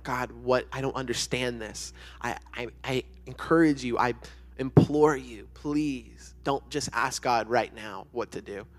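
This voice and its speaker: A young man preaching to a youth group in a church room, earnest and conversational, with many fillers. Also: mid-range voice. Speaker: youth pastor. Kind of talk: sermon to students.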